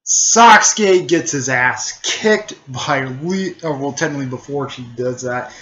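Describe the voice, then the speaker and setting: A man retelling a fan story in a rambling, halting way, full of fillers and restarts. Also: medium pitch, bright, forceful tone, muffled recording. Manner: halting, filler-heavy, repeats "technically" and "there".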